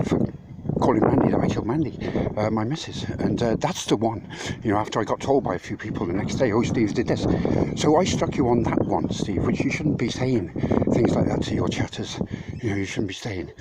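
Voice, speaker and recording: A man talks into a handheld phone outdoors in the heat, short of breath and rambling, with plenty of swearing. His voice sits in a middle range. Clear background noise and clicking run under the recording. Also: mid-range voice, lively intonation, brisk. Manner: rambling, sweary, ranting at a rival. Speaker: vlogger. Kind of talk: casual walk-and-talk vlog. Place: outdoors at a building site in hot weather.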